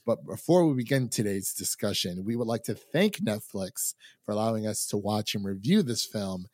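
A man's voice: lowish voice, lively intonation, normal speed, a little mellow, no echo, studio quality. A man from Ohio hosting a film review podcast in casual chat, laughing often. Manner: laughs often, chatty with fillers. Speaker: podcast host.

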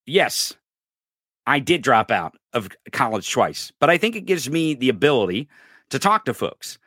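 A man's voice: medium pitch, a little slow, husky, dry recording, studio quality. A man hosting a political podcast, ranting casually with lots of profanity, rambling and stumbling over his words. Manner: profane, rambling, animated, laughs and stumbles often. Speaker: podcast host.

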